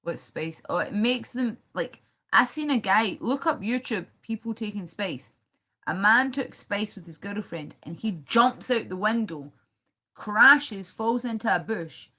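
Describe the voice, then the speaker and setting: A woman's voice: mid-range voice, animated, unhurried, pushed and bright. A Scottish woman rambling and swearing on a live stream, chatting directly to her viewers. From Scotland.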